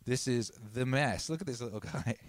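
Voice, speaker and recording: A man's voice: medium pitch, moderate pace, dry recording. Laid-back slangy male streamer. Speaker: livestream host. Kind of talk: casual livestream chat.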